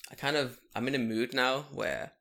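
A young man telling a long story in casual chat, profane and animated, acting out what people said. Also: mid-range voice, normal speed, vocal fry. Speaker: podcast co-host telling a story.

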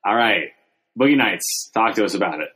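A man co-hosting a podcast, talking in a deadpan, rambling way with many fillers. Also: fairly low pitch, moderate pace. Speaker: podcast co-host. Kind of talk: casual comedic chat.

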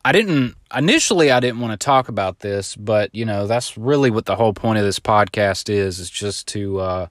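Rambling, swearing podcast host with a dry sound. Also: male voice, lowish voice, lively intonation, moderate pace, few pauses, dry recording. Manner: rambling storyteller, swears freely, acts out other voices in quotes. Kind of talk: casual solo podcast monologue. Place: home, now living in Southern California.

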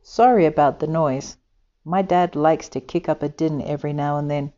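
Woman doing a chatty apologetic little kakapo, low mellow voice, storybook, dullish audio. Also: steady tone, moderate pace, lo-fi sound, lightly acted. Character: friendly little male kakapo chick.

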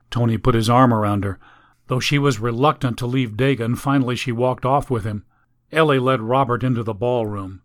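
A man reading a story aloud in scripted narration, steady and even. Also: medium pitch, moderate pace. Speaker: audiobook narrator.

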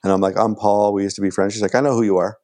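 A man in middle age tells a long personal story in a relaxed, rambling way. His voice sits fairly low, with lots of "like" and false starts, and he acts out what others said in a raised, lively voice. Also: very fast. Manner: acts out quoted dialogue in a raised voice; rambling, full of "like" and restarts. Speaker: podcast guest. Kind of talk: casual storytelling.

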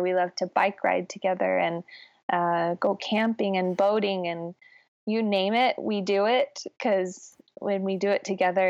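A woman's voice: mid-range voice, vocal fry, dry recording, dull audio. A woman in her thirties, a podcast guest, chatting easily and laughing often. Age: 30s. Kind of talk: conversational interview.

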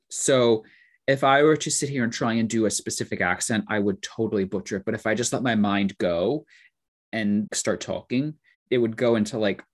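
A man co-hosting a podcast in casual chat, teasing and rambling as he talks. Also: lowish voice. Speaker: podcast co-host.

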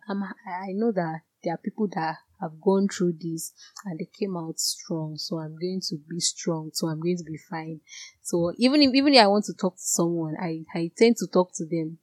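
A woman telling her own story in an earnest, direct way, growing animated and indignant at times. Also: on the low side, dry recording. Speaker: guest sharing a personal story. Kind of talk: candid personal testimony.

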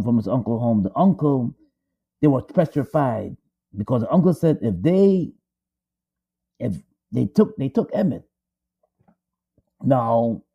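A man's voice: medium pitch, breathy edge. A man dramatically retelling a story, emphatic and repetitive, building suspense. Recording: dull lo-fi audio.

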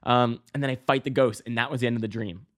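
A man hosting a podcast, telling a story casually with lots of fillers, restarts and swearing, breaking into loud high yelps. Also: steady tone, fast talker. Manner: bursts into loud high-pitched exclamations when acting out scenes. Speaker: podcast host.

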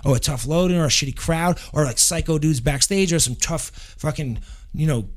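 Man, casual chat, higher voice, profane, says "dude" often. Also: brisk.

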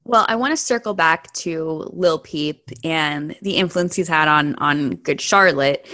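A woman's voice: low-pitched, measured pace, sharp tone, no echo, studio quality. A woman hosting a music podcast, talking in a conversational, explanatory way with many fillers. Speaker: podcast host. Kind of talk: casual podcast chat.

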